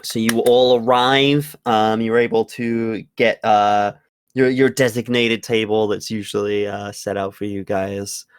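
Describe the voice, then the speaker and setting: Low-voiced man as game master. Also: measured pace, clear, resonant tone, no echo. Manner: relaxed, filler-heavy narration. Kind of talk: narrating a tabletop game.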